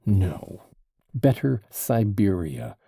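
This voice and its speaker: A man's voice: deep voice, big pitch swings, extremely slow, dark tone, slightly rough, dry recording, studio quality, full character voice. A man reading an audiobook voices an anguished, furious young man accused of murder, in an impassioned, defiant, pleading way.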